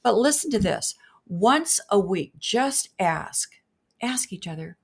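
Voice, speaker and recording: An older woman co-hosting a marriage podcast, speaking earnestly and warmly, often speeding up into quick asides. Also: mid-range voice, big pitch swings, vocal fry, slightly rough. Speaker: co-host. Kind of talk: casual podcast chat.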